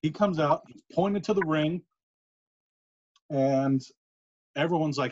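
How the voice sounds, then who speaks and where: Guy on a podcast going thru an old wrestling angle, kinda high voice, muffled lo-fi sound. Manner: animated retelling with quick asides. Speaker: podcast co-host. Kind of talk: casual podcast storytelling. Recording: muffled lo-fi recording.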